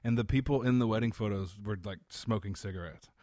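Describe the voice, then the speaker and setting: A man's voice: fairly low pitch, brisk, warm tone, no room sound, clean studio sound. A man who is a podcast guest, talking in a loose, rambling, casual way and leaning on "like" as he goes. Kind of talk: casual chat.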